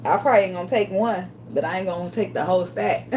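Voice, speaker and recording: A woman's voice: mid-range voice, fast, a little mellow, a little hiss or hum. A woman doing a casual tarot reading vlog, talking bluntly with lots of swearing, getting emotional and laughing often. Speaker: tarot reader.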